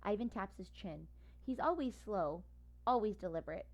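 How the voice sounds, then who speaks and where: A woman reads a children's storybook aloud in the first person. Her narration is lively and expressive, with a middle-pitched voice. She carries the story with plain warmth of delivery. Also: normal speed. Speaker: audiobook reader.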